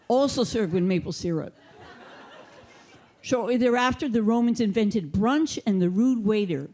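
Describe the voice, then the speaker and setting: A woman performing a stand-up comedy set on a theater stage, delivering her jokes with a deadpan, mock-authoritative manner into a handheld mic. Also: mid-range voice, normal speed.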